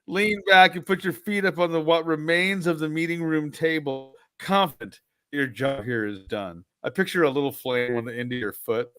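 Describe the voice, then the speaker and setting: A man's voice: a little high, moderate pace, hardly any pauses, pushed and bright, smooth, dry recording. A man co-hosting a podcast, reading a gamebook and trading laughing banter. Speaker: podcast co-host. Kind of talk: casual chat with story reading.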